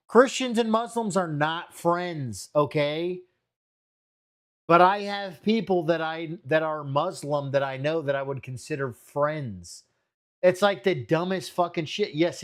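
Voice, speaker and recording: A man streaming, reacting to a clip with exasperated, profane ranting commentary. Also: on the high side.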